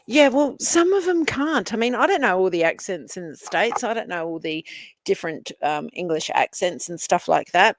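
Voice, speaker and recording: A woman with an Australian accent, whose first language is Italian, hosts a casual livestream and chats while reading comments. She rambles and laughs often in a fairly low voice, with no room sound in the recording.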